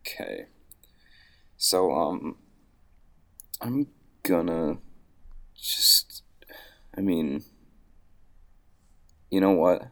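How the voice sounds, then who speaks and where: A man's voice: deep voice, animated, drawn-out words, pauses often, a bit bright. A man playing a frog character in a tabletop game, talking in a goofy, rambling way. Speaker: player.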